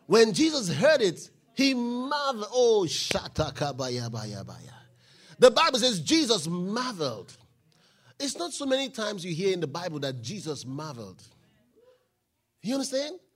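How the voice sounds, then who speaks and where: A man preaching a sermon, reading scripture aloud and building to shouted declarations. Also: high-pitched, big pitch swings, normal speed, husky. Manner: Bible reading with call-and-response, rising to shouted declarations.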